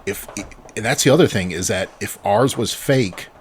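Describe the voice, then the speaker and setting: A man's voice: on the low side, lively intonation, normal speed, a little hiss or hum. A man, co-hosting a podcast in a casual chat, rambling through explanations with the odd swear word. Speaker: podcast co-host.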